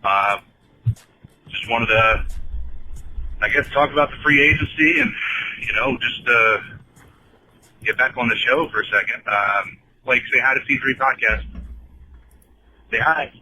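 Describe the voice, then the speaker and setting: A man phones in to a sports podcast and rambles with plenty of hesitation. His voice is very bright and sharp at a middle pitch, and there is faint noise behind him. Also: expressive, a little slow, long pauses, poor audio. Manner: rambling, hesitant, full of fillers. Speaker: caller. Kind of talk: casual call-in chat.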